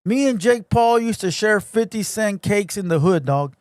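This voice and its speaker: A man hosts a casual livestream podcast in rough, profane street slang, hyping up his crew with shout-outs. His voice sits high for a man. The sound is close and dry, with no room around it. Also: lively intonation, normal speed, no echo. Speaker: podcast host.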